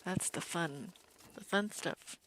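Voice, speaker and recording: Calm, easygoing woman streamer. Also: on the low side, slow, slight background noise. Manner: calm, relaxed commentary; laughs easily. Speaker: game streamer. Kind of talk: casual live-stream chat over gameplay.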